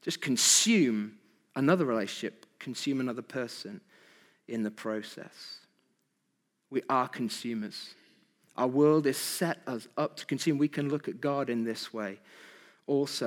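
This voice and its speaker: A man's voice: mid-range voice, animated, normal speed, in a large hall. A man preaching an evening sermon, asking his congregation rhetorical questions with emphasis. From Britain.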